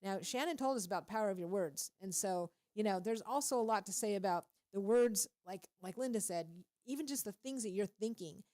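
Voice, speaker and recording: Warm and mid-range, this woman's voice moves fairly quickly with few pauses. She's a radio host talking casually and preachily about faith at a studio mic, very animated and quick to laugh.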